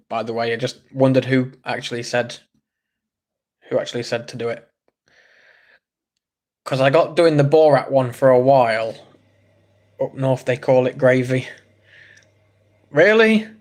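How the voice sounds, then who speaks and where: This English man runs a casual livestream, reading out and reacting to chat messages while joking with his audience. His mid-range voice moves at a moderate pace, broken up by long pauses.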